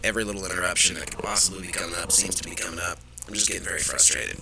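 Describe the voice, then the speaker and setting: A man's voice: low voice, very fast, gravelly, pushed and bright, slight background noise, low-quality recording. A man hosting a live show, ranting with profanity and irritation about the news. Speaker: host. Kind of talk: live political commentary.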